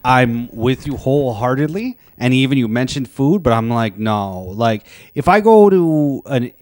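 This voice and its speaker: A man's voice: mid-range voice, expressive, darkish tone. Agreeable man chatting casually. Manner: agreeable, chiming in with quick yeahs. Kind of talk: casual chat.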